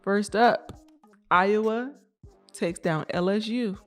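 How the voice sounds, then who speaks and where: A woman's voice: medium pitch, slow, faint music behind. A young woman co-hosting a podcast, talking in a chatty, slangy way and laughing often. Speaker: podcast co-host. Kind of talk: casual chat.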